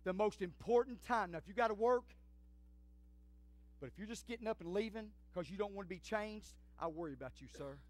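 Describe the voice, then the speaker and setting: Preacher man, shouting then hushed. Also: high-pitched, fairly quick. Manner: swings from shouting to a hushed whisper; folksy Southern preacher talk. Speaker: pastor. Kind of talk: sermon. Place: church sanctuary.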